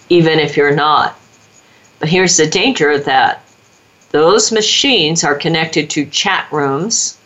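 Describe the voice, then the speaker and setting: A woman's voice: low-pitched, fairly bright tone, highs cut off. A woman hosting a talk show, urging parents in an earnest, preaching monologue. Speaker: host.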